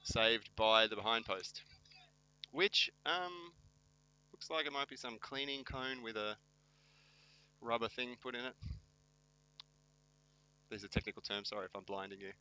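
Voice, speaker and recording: Wry, teasing man on bright commentary. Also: mid-range voice, measured pace, long pauses, clear, resonant tone, lo-fi sound. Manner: wry, self-mocking and teasing. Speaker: match commentator. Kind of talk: joking amateur sports commentary.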